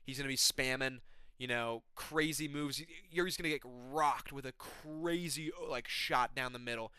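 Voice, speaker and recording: A man ranting casually with excitement and heavy profanity, giving his fight predictions as the host of a mixed martial arts channel. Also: mid-range voice, normal speed, clean tone, no room sound. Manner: excitable, profane, slangy fan talk.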